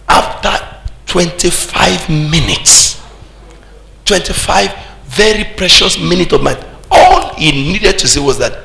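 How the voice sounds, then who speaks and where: Nigerian preacher, gravelly and booming. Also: male voice, sing-song, unhurried. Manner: preaching with sudden shouted peaks and call-and-response. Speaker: pastor. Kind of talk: sermon. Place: church hall. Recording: echoey church hall.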